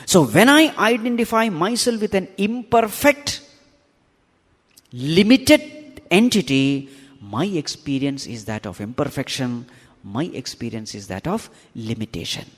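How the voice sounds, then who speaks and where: Emphatic swami in a reverberant hall. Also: male voice, a little high, animated, measured pace. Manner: rhetorical questions to the audience, emphatic repetition. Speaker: swami teaching scripture. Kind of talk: spiritual discourse.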